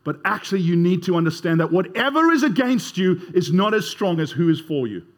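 A man's voice: high voice, very animated, brisk. A man preaching a sermon in a conversational way, leading the congregation in call-and-response. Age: 30s or older.

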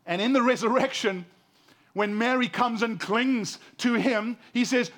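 A pastor in his forties preaches with a voice set a little higher than most men's. He moves from ringing emphasis down to soft, tender near-murmurs, often repeating a word while he gathers his point. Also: lively intonation, moderate pace. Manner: impassioned, swinging from loud emphasis to hushed tenderness; repeats words when building a point. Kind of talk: sermon.

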